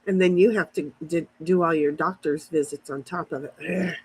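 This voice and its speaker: A livestream host sits outdoors in her backyard, casually chatting with viewers and wandering between topics as she reads and answers comments on her phone. She has a low, fairly even voice at a moderate pace, a little mellow and slightly rough, captured in a rough recording.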